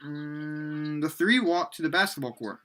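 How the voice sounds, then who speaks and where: Brief: young man, casual read-aloud, self-mocking, stumbling, bright tone. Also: on the high side. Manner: halting, self-mocking, many restarts. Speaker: reader of his own book.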